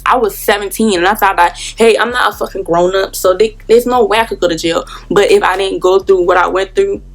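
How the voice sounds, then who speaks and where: A young adult woman telling a casual story in a rambling, profane way, full of fillers. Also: medium pitch. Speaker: vlogger.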